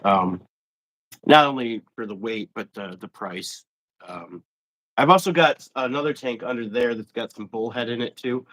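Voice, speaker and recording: A man hosting a casual live-stream fishing interview, excitable and quick to laugh. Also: medium pitch, poor audio. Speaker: host.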